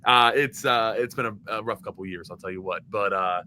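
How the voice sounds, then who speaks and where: A man's voice: on the low side, brisk, bright, forceful tone. A young man from Maryland, a podcast guest and former college football player, talking in a loose, chatty way with lots of fillers and restarts. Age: young adult. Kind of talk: casual chat.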